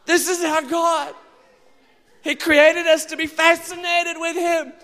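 High-voiced man preaching in a reverberant hall. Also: slow pace. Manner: animated, bursts into loud exclamations. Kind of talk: sermon.

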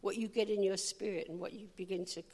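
A woman's voice: mid-range voice, fairly even intonation, fast, darkish tone. Female preacher, mid-range voice, jokey and conversational, punches key lines; long hall reverb. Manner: humorous and chatty, with emphatic declarations. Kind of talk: informal sermon.

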